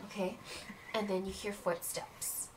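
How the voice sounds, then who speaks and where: A woman running a family tabletop game as game master, telling the story in an animated and encouraging way. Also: medium pitch, a little slow, noisy background.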